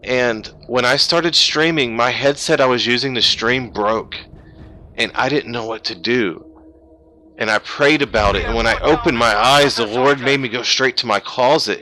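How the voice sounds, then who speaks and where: Emotional man with a bright, forceful voice. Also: mid-range voice. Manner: heartfelt and emotional, rambling with restarts. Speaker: pastor and gaming streamer. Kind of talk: personal testimony on a live game stream. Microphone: gaming headset.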